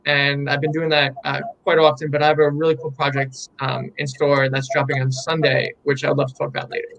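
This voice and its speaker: A man's voice: a little high, monotone, a little fast, creaky, fairly bright tone, muffled recording, a little hiss or hum. A young man, an artist being interviewed, telling a story in an enthusiastic, rambling way with many fillers. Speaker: artist guest. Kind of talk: candid interview chat.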